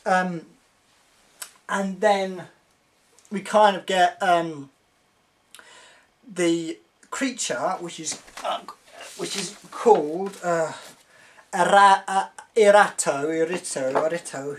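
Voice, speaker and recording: A woman giving a casual spoken review, excitable and rambling, often giggling as she talks. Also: on the low side, a little hiss or hum. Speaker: video reviewer.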